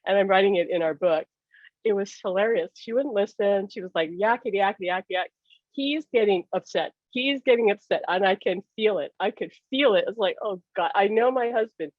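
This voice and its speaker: Here the medium, a woman with a mid-range voice, talks a little quickly while animatedly sharing personal anecdotes. Laughter comes often, and she voices the dialogue herself; the recording is dry with the high frequencies cut off.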